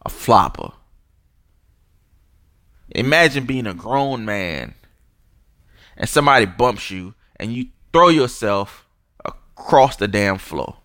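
Furious profane man ranting slowly. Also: on the low side, very animated, a bit bright, no echo, studio quality. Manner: furious, disgusted, swearing, mocking. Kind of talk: angry profane rant.

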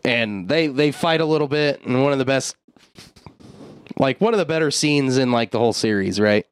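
A man at a podcast mic, recapping a film in a loose, swearing, laughing way with plenty of fillers. His voice sits in an ordinary middle pitch, and the sound is close and dry with no room echo. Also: expressive, moderate pace, clean tone. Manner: loose, profane storytelling that jumps into quoted voices. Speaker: podcast co-host. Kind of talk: casual movie recap chat.

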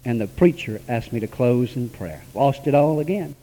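A man preaching an emotional testimony sermon, dropping to a hush and then rising to high exclamations, sometimes chuckling. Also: lively intonation, normal speed, hardly any pauses, lo-fi sound. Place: church sanctuary. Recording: long echoing reverb in a church hall.

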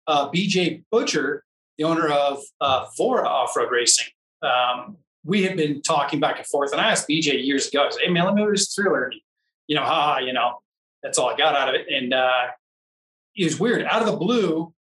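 Heard from a distant mic in a roomy space on a low-quality recording, a man with a somewhat high, slightly bright voice speaks at a moderate pace. He's an off-road racer rambling through a casual racing story, fumbling for words and acting out other people's dialogue.

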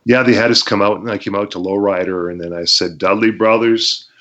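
Guest, man from Canada: low voice, relaxed storyteller who acts out quotes, lo-fi podcast sound. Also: fast. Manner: laid-back, laughs often, acts out quotes. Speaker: wrestler telling stories as guest. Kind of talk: casual storytelling interview. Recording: dull lo-fi podcast audio.

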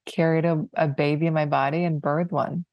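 A woman's voice: deep voice, fairly even intonation, a little fast, dry recording, highs cut off. A woman who is a guest on a podcast and a new mother, speaking in an upbeat, reflective casual way. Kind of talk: casual chat.

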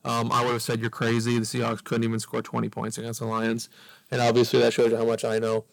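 A man with a gravelly, fairly flat voice talks through casual sports analysis, hedging with frequent ums. The sound is dry and close. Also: medium pitch, no room sound, poor audio. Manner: hesitant, lots of ums, measured analysis. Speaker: podcast co-host.

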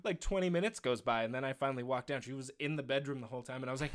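A man co-hosting a casual chat show, telling laid-back anecdotes and mimicking others in a flat, low voice. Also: racing. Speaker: podcast co-host.

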